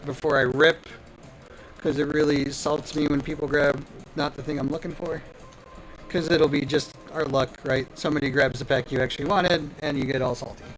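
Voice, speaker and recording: Speaking straight to his audience, this card-opening livestream host sounds hyped and playful, excitedly chattering away. The low-quality recording carries a slightly high, somewhat bright voice.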